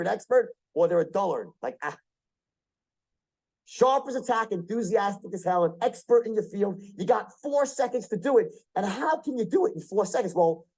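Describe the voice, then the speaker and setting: Animated, emphatic man leading a sales seminar. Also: high-pitched, gravelly, rough recording. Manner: emphatic, repeats key phrases, quizzes the audience; profane, punchy delivery. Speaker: sales trainer. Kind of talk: motivational sales seminar talk.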